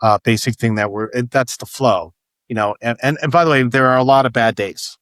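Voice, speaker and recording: A middle-aged man talking in an easy, conversational way, looping back and repeating words as he tells stories. His voice sits at an ordinary male pitch. The sound is dry and close. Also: steady tone, brisk, fairly bright tone, no room sound. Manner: rambling storyteller, many restarts and repeated words. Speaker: startup founder guest. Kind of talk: casual podcast conversation.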